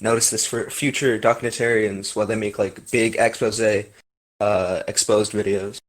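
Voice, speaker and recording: A man's voice: on the low side, steady tone, moderate pace. A young man co-hosting a casual podcast, with a sarcastic, teasing way of talking. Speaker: podcast co-host. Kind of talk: casual chat.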